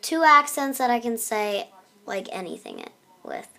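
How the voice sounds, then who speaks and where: A teenage girl with a slightly high voice asks questions as a young interviewer. She sounds eager and playful, jumping between topics with quick enthusiasm. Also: huge pitch swings, gravelly, pushed and bright. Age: teens. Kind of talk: casual interview chat.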